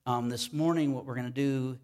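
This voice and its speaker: A man's voice: mid-range voice, fairly even intonation, fairly quick, a little mellow. A man preaching a sermon to his congregation in a casual, enthusiastic way, with many fillers and restarts. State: sweaty. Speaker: pastor.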